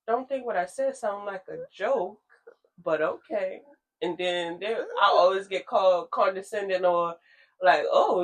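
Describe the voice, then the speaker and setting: A woman co-hosting a podcast in casual chat, talking frankly about herself and laughing often. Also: medium pitch. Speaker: podcast co-host.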